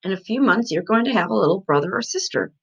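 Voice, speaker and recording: A woman voicing a patient young mother who gently coaxes her child in a read-aloud storybook. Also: medium pitch, expressive, fast talker, creaky, breathy edge. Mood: coaxing. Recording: dull lo-fi sound.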